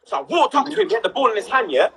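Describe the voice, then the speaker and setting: High, lively man. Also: rapid-fire, slight background noise. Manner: animated, slangy, keeps checking in with "yeah?". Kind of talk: casual storytelling on a livestream.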